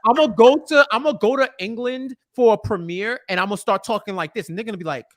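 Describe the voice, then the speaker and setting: A man co-hosting a TV recap podcast in casual chat, joking and animated, often restarting his sentences. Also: very high voice, fast. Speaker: podcast co-host.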